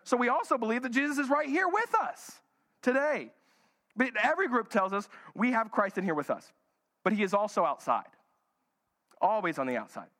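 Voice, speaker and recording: A pastor in a church hall delivers his sermon with humor, slipping into playful voices for the Bible characters. His voice sits high for a man, and the long reverb of the room trails behind every phrase. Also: expressive, moderate pace, fairly bright tone.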